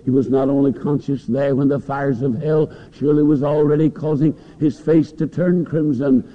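A man's voice: medium pitch, fairly even intonation, moderate pace. A man preaching a sermon in a church, with passionate, rising and falling delivery. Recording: dull lo-fi recording in a long-echo hall.

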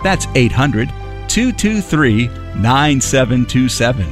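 A man reading a scripted broadcast outro, measured and clear, spelling out contact details. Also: medium pitch, big pitch swings. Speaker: radio announcer. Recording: faint music bed.

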